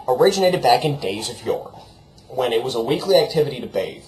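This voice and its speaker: A young man rambles into a webcam mic from his bedroom at the computer, joking off the cuff at a mid pitch. The room is roomy and echoey, with a faint hiss underneath. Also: big pitch swings, fairly quick, a little mellow. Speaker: vlogger. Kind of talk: rambling casual vlog. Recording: roomy echo, faint background noise.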